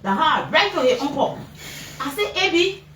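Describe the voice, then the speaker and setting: At a normal speed, a mother whose English has a Liberian accent describes her son's ordeal in an emotional press interview. She mimics what people shouted, her voice leaping high and low in animated storytelling. She's picked up by a distant mic in a roomy space with faint noise behind her.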